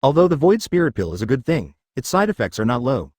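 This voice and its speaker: A man voicing a calm, knowledgeable male cultivator companion in a fantasy storybook reading, explaining things steadily. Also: medium pitch, fast, no echo, clean studio sound.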